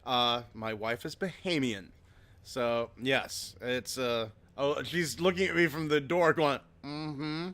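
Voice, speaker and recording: A man's voice: medium pitch, unhurried, fairly bright tone. A man hosting a loose, profane chat show, reading out viewer comments and laughing often. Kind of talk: casual chat.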